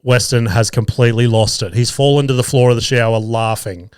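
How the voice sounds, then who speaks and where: Australian man, podcast host, mid-pitched, crude casual storytelling, laughs often, dry close sound. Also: a little fast, smooth, no echo. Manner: profane, laughing, animated anecdote telling. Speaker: father of two young boys.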